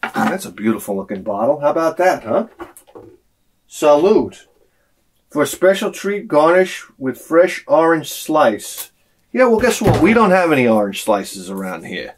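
Against a noisy background, a YouTube collector vlogger unboxes items while telling rambling, lively stories punctuated by frequent exclamations. His voice is on the high side and his pace stays measured.

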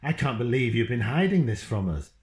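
A man voicing an angry mother who shouts at her husband, seething and close to tears, read in a roomy room. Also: mid-range voice, sing-song, moderate pace, voice pushed up, close to an everyday voice. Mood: furious. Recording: roomy echo.

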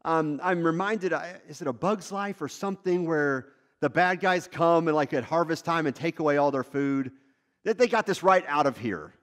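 A male lead pastor delivers a sermon in a high, animated voice. He talks conversationally, rising and dropping sharply in pitch and loudness as he makes his points. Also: moderate pace.

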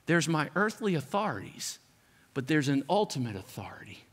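A middle-aged man preaching a sermon as pastor, animated, acting out the people he quotes. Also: fairly high pitch, moderate pace, husky. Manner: animated, acts out quoted parents with raised voice.

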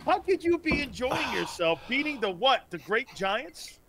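Brash male sports host, high and swooping, very animated. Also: a little slow, a little hiss or hum. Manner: brash, blunt, swearing. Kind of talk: sports talk show hosting.

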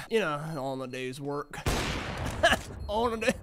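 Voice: mid-range voice, vocal fry, bright, forceful tone. A streamer chatting casually on stream, laughing often and swearing playfully. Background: faint lo-fi music.

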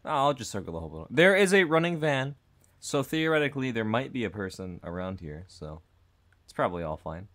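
A man's voice: mid-range voice, very animated, brisk, fairly bright tone. A young man commentating a horror game, reading dialogue aloud with nervous jokes and laughter. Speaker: gaming YouTuber.

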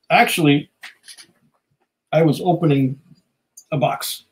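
A man's voice: on the high side, a little mellow, poor audio. Chatty, rambling man hosting a stream. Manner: rambling, chatty, many fillers and small laughs. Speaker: live stream host reading chat. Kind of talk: casual chat.

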